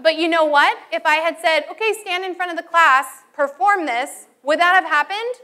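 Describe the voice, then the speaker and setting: Bright, high-voiced woman teacher. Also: normal speed. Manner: animated storytelling, acts out students and calls. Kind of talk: teacher training talk.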